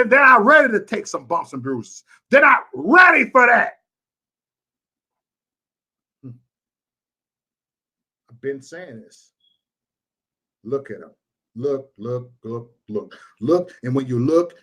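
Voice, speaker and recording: A man from Chicago on a live stream, ranting and repeating himself with stammers, swinging from loud outbursts to quiet, upset muttering. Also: fairly high pitch, husky. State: frustrated and upset. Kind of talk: emotional live-stream rant.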